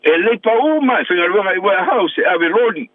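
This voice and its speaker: A man's voice: high voice, expressive, fairly quick, no room sound. A man in his sixties from American Samoa, calling in to a radio show as a pastor and veteran and complaining emphatically. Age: 60s. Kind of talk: phone-in call to a radio show. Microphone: telephone. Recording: tinny phone line, dry.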